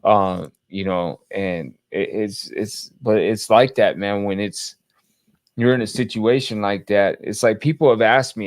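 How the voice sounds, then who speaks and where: A man with a lowish voice talks through his memories in a casual chat. He stops and restarts often, repeating words and padding with fillers. The sound is dry and close. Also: measured pace, no room sound. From California. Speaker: guest. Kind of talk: casual conversation.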